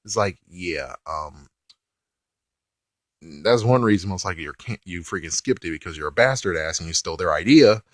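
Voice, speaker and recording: A man's voice: deep voice, animated, moderate pace, no room sound, clean studio sound. A man reviewing a TV episode in a casual rant, swearing offhandedly and laughing often.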